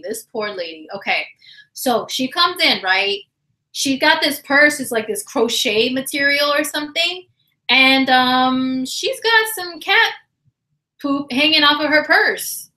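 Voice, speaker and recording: A woman hosting a livestream chat, telling a story in a casual, animated, slangy way and acting out quotes, her voice slightly hoarse. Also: sits high, unhurried, poor audio. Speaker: livestream astrology host.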